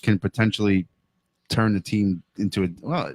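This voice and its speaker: A man's voice: on the low side, fairly even intonation, darkish tone, no echo. A man co-hosting a casual sports podcast, often restarting his sentences. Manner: halting, repeats words. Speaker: co-host reading sponsor ads.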